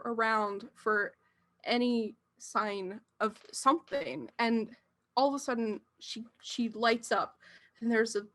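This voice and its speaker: A woman's voice: fairly high pitch, fairly bright tone. A woman narrating a tabletop role-playing game as game master, with hesitant phrasing and frequent fillers.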